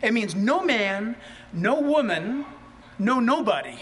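A man delivers a sermon in a strikingly high, bright voice. He talks animatedly, firing rhetorical questions at the congregation and pushing some lines to a near shout. A faint room ambience sits under his voice. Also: big pitch swings, takes it slowly, slight background noise. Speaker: pastor.

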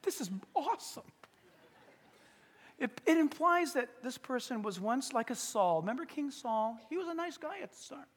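A male pastor preaching a sermon in a humorous, animated way, acting out little everyday scenes. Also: very high-pitched, moderate pace, long reverb tail.

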